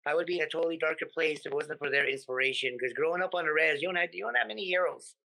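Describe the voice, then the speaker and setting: A man from the United States, a comedian guest in a casual interview, talking in an animated, profane way and acting out his stories. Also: a little high, very fast, vocal fry, low-quality recording.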